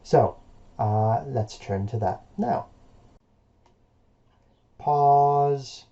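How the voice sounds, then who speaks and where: A male teacher giving a recorded remote lesson in a relaxed, encouraging way, with plenty of hesitations and fillers. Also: mid-range voice, moderate pace, highs cut off.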